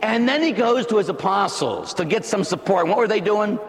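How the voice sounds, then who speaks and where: A priest delivering a dramatic, emphatic sermon, building up to loud shouts. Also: male voice, high-pitched, animated, moderate pace, long reverb tail.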